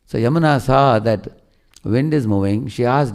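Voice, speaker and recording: A man's voice: medium pitch, normal speed. A man giving a devotional sermon, telling stories and often asking listeners questions. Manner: animated storyteller, asks listeners questions. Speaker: preacher.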